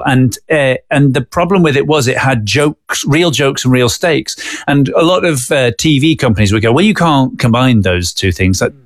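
A man's voice: medium pitch, no echo, studio quality. An English man, a TV writer-director, chatting as an interview guest, with many restarts and fillers. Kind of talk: casual interview chat.

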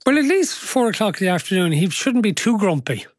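A man's voice: sits high, very animated, fairly quick, dry recording. A man hosting a radio show, questioning a reporter with dry, teasing humour. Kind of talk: live radio interview chat.

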